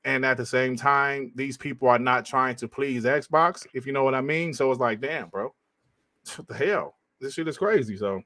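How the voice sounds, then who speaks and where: A man's voice: medium pitch, normal speed, bright, forceful tone, dry recording. A man hosting a casual gaming podcast over a call, loose and profane, often calling others bro. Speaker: podcast host. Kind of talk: casual chat.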